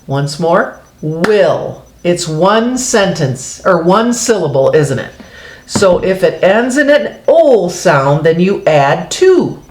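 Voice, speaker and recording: A woman's voice: on the low side, big pitch swings, slow pace, a little mellow, reverberant. A woman teaching a reading lesson to young children, patient and sing-song, showing pages as she explains. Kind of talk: early-grade phonics lesson.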